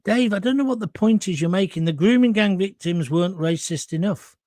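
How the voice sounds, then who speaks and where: A man hosts a live stream in a fairly high voice, recorded dry with no room echo. He reads viewer comments aloud and answers them bluntly and emphatically, swearing now and then. He sounds hot and sweaty as he talks. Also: animated, brisk, a little mellow. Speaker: host of a live current-affairs stream.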